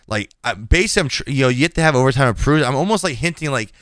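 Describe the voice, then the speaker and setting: A man's voice: a little high, very animated, quick pace, few pauses, fairly bright tone, clear, resonant tone, dry recording, clean studio sound. A male podcast host in casual chat, telling a story bluntly and animatedly, acting out the quoted lines and swearing now and then.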